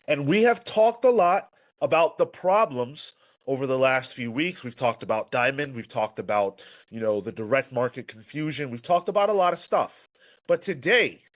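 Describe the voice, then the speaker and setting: A man hosting an interview show, opening with an energetic, emphatic build-up to introduce his guest. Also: sits high. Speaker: show host. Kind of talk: scripted show opener.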